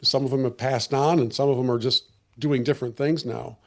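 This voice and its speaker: Earnest man host, slightly hoarse. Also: medium pitch, fairly even intonation, fairly quick. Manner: earnest, with frequent restarts and fillers. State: losing his voice. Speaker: podcast host. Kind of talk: reflective podcast conversation.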